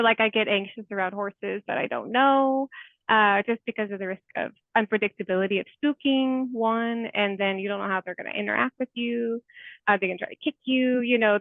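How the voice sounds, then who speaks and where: A woman in her forties, a therapist guest in a casual interview, talking in a chatty, heartfelt way with many fillers and soft laughs. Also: medium pitch, vocal fry, no room sound. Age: 40s. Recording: tinny phone-like call audio.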